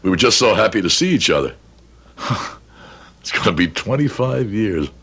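A jovial, husky businessman. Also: on the low side, big pitch swings, moderate pace, a bit bright, heavily acted. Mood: genial. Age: 40s. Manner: jovial, laughing, nostalgic. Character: genial, chatty 42-year-old businessman husband.

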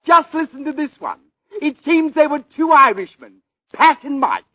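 A man's voice: very high-pitched, lively intonation, moderate pace. An actor playing a pompous male comedian who tells stale puns, in 1940s radio comedy acting. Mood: smug. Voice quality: pompous, punning delivery. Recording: dull old radio broadcast with hiss.

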